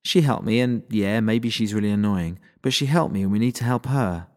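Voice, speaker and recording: A man voicing an impulsive, stubborn teenage schoolgirl who talks in high, breathless exclamations. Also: a little fast, darkish tone, close to an everyday voice. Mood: exasperated.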